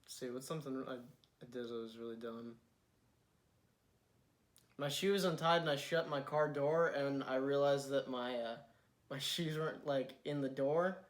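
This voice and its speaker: A young man in a loose, joking chat, spinning long, rambling stories and slipping into quick impressions of the people in them. His voice sits at an ordinary middle pitch for a man. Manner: rambling storyteller who acts out voices in his anecdotes. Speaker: podcast co-host. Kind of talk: casual chat.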